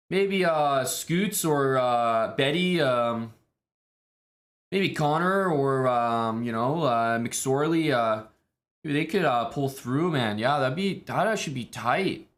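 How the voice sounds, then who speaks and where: A man's voice: medium pitch, lively intonation, slow pace, a bit bright. A man voicing a laid-back, stoned male Canadian hockey bro who drawls lazily. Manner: lazy drawl, words dribbling out.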